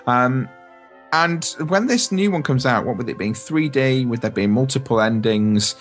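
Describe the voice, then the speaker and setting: A man's voice: medium pitch, animated, normal speed, faint music behind. A man hosting a casual podcast chat, rambling and enthusiastic as he talks through theme park news. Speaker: podcast host.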